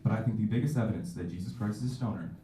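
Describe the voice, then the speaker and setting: A man's voice: fairly low pitch, racing, warm tone. Young male stand-up comic, echoey club. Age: 20s. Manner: loose, self-mocking delivery with jumpy acted-out voices. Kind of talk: stand-up comedy set. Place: comedy club stage. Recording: echoey club audio from far off.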